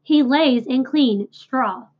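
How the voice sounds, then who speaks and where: A woman voicing a mild, put-upon farmer who speaks slowly and mumbles. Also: fairly high pitch, husky. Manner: slow, mumbling. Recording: dull lo-fi recording.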